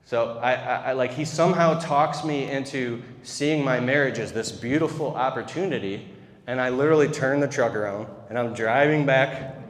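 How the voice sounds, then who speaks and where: Brief: male keynote speaker, candid and swearing, mid pitch, long reverb of a large convention hall. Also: normal speed. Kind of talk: keynote speech told as a personal story.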